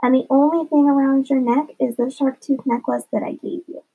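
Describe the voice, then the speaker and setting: Woman plays an eager, excitable little boy in a storybook reading, high and gravelly, dull sound. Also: moderate pace. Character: excitable pirate-mad young boy. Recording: dull lo-fi recording.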